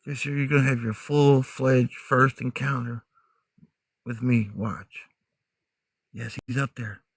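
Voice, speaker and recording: A man's voice: mid-range voice, fairly even intonation, takes it slowly, long pauses, breathy edge, no room sound. A middle-aged man talks casually into his phone outdoors in the woods at night. His American accent blends Midwestern, Southern and Northern sounds. He chats straight to his viewers, and the recording is dry, close and plain. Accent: mixed American, Midwestern, Southern and Northern. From United States, raised in many states. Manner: chatty, talks straight to viewers, laughs a lot. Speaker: livestream host. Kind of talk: casual livestream chat.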